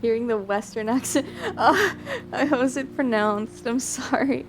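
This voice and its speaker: A woman's voice: a little high, animated, measured pace, slight background noise. A woman with a Midwestern American accent, chatting casually with viewers on a livestream, giggling often and filling her talk with "like" and "um.". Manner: giggly, lots of "like" and "um" fillers. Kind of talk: casual chat answering viewers.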